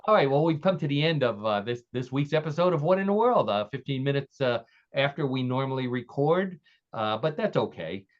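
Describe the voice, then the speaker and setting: A man's voice: mid-range voice, expressive, a little fast. Male podcast host, chatty and loose, dull lo-fi sound. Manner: chatty, with restarts. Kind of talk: casual podcast hosting, reading quiz stories. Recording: dull lo-fi audio.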